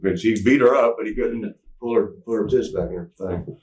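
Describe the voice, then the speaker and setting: A man's voice: fairly low pitch, brisk, a little mellow. A man telling a candid story in an interview, rambling with restarts and acting out what people said. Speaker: interview guest. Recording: roomy, mic at some distance.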